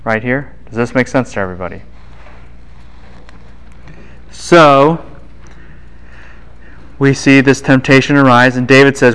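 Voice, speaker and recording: A man lectures a class in a smooth, resonant voice at an ordinary pitch. He talks in a lively way, keeps firing questions at his students and drops in quick asides. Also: low-quality recording. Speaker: Bible lecturer. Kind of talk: university lecture.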